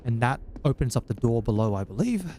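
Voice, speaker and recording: A man's voice: mid-range voice, very animated, a little fast, dark tone, slight background noise. A man giving chatty, wry let's-play commentary on a game as he plays. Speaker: gaming YouTuber.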